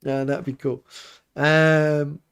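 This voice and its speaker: A man, a priest hosting a relaxed livestream, reading viewer comments aloud and chatting back with an easygoing, often laughing manner. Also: on the high side, slow pace, clear, resonant tone. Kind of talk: casual livestream chat. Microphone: livestream mic.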